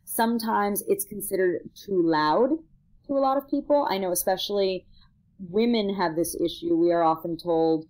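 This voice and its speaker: A woman opera singer and vocal coach talking casually on a podcast, explaining in a lively way and laughing now and then. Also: on the low side, normal speed, poor audio.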